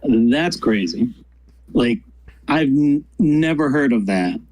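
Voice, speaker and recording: A man of middle pitch, a cook chatting as a stream guest. He talks in a laid-back, halting way, full of fillers. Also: expressive, darkish tone, rough recording. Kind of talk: casual chat on a live stream.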